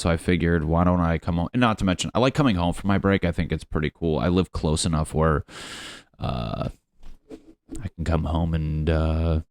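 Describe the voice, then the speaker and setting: A man's voice: low voice, no room sound, studio quality. A young man hosting a solo comedy podcast from his apartment, rambling and profane, slipping into silly quote voices. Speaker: podcast host. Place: his apartment on a lunch break.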